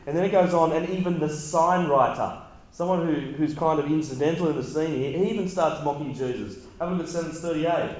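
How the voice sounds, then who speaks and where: A man's voice: a little high, a little fast. A man preaching a sermon, retelling the scene with dramatic repetition and emphasis. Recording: very echoey, dull lo-fi sound.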